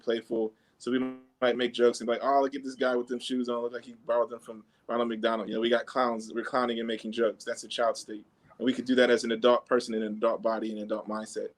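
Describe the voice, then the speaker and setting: A man's voice: lowish voice, low-quality recording. A man hosting a podcast, explaining ideas in casual talk full of fillers and little sample dialogues. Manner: conversational, peppered with fillers. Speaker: podcast host.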